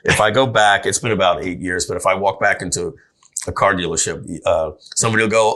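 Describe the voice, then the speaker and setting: A man's voice: sits low, fast. A middle-aged man telling a long story in an interview, acting out other people's lines. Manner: animated storyteller acting out quotes. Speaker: guest entrepreneur.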